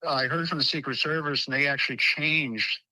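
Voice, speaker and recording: Brief: middle-aged male guest, anecdotal and chatty, strikingly bright voice, dry close sound. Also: on the high side, brisk, no echo, rough recording. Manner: chatty and anecdotal, frequent restarts. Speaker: guest, former White House usher. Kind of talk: conversational storytelling.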